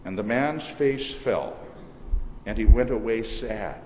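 A man's voice: lowish voice, takes it slowly, darkish tone. Man preaching in an echoey church. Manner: dramatic storytelling with varied emphasis. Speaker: pastor. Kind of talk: sermon. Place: church sanctuary. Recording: echoey church hall, faint noise.

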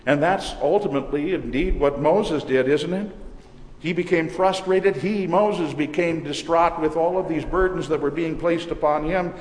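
A man with a fairly high voice preaches a sermon, earnest and measured, slowing on the words that matter. He sounds as if he is in a church, with a long, roomy reverb behind him. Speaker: pastor.

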